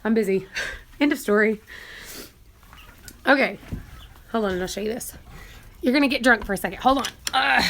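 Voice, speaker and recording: A woman's voice: a little high, fairly bright tone. Tearful woman chatting from a barn. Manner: emotional, tearful, rambling. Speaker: homestead vlogger. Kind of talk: casual live stream chat.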